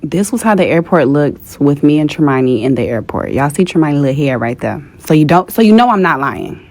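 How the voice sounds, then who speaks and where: A woman's voice: sits low, big pitch swings, a little fast, darkish tone. A young woman telling a story in a casual, exasperated rant with plenty of swearing. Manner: profane, exasperated.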